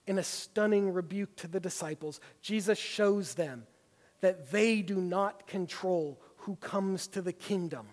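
A man's voice: high-pitched, unhurried. A man preaching a sermon, teaching through a Bible passage with emphatic stresses. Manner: emphatic, builds to forceful stresses. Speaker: pastor. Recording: long hall reverb.

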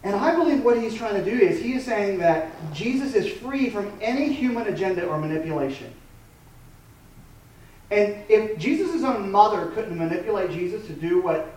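A man's voice: sits high, lively intonation, moderate pace, a little mellow. Male pastor, thirties, conversational sermon with restarts; distant mic, heavy room echo. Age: 30s. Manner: conversational, with frequent restarts and fillers.

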